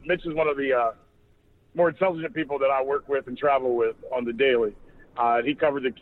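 A man's voice: medium pitch, phone-quality sound. A man hosting a sports podcast, talking in a loose, profane, rambling way with many restarts. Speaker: podcast host. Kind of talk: casual sports chat.

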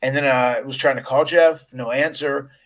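A man's voice: mid-range voice, fairly even intonation, moderate pace, a bit bright. A middle-aged man and podcast host telling a story in casual conversation, with frequent restarts and emotional recollection. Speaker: podcast host, retired wrestler.

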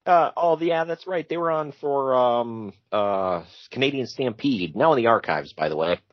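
A man's voice: medium pitch, lively intonation, normal speed, no echo. A man co-hosting a podcast, casually recapping wrestling with jokey asides and frequent laughs. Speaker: podcast co-host. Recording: dull lo-fi sound.

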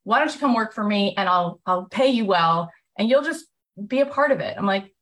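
A woman host telling a personal story in a casual, animated way, acting out the voices of people she quotes. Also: medium pitch, normal speed.

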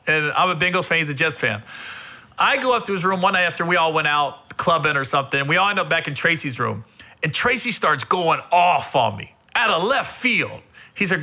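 Male host, animated storyteller, high and lively. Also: moderate pace. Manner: animated storyteller, laughs often. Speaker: podcast host. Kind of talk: casual interview chat.

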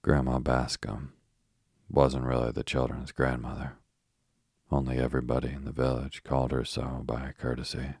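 A man narrating a children's storybook in a steady, measured reading. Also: a bass voice, creaky, slightly rough, no room sound, clean studio sound. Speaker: audiobook narrator.

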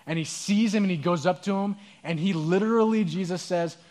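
A pastor preaching a sermon, telling a story in an earnest, conversational way. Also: male voice, sits high, a little fast, a little mellow.

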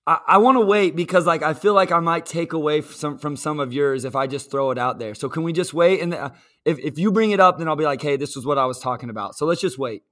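Bright, excitable podcast guest. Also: male voice, a little high, fast talker. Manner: excitable, casual, with fillers. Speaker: podcast guest, basketball writer. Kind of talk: casual sports podcast chat.

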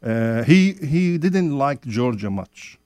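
A man's voice: medium pitch, lively intonation, takes it slowly, darkish tone, dry recording. A man from Jordan, chatting as a radio guest in slightly broken English, often laughing. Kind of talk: casual radio chat.

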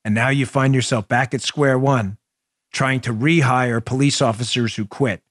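A man's voice: mid-range voice, steady tone, normal speed, a bit bright, no room sound. Male political talk host, heated and repetitive delivery, recorded dry and close. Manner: emphatic, repetitive, exasperated. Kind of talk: impassioned political monologue.

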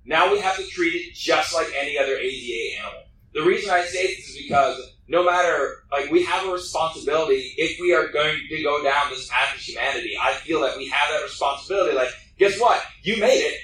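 A man's voice: on the high side, a bit bright, slight background noise. A man who works at a zoo, talking animatedly on a live panel and laughing often. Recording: echoey room, distant mic.

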